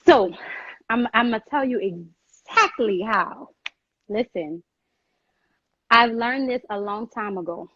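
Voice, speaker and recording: Brief: high, fervent woman talking straight to camera, dry close sound, muffled lo-fi stream audio. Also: slow pace, long pauses, slightly rough, dry recording. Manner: animated, repeats phrases for emphasis, addresses listener as girl. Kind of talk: emphatic, preachy advice.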